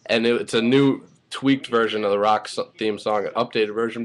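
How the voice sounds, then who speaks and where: A man giving a casual spoken recap of a wrestling show, rambling and excitable, swearing freely as he goes. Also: mid-range voice, normal speed.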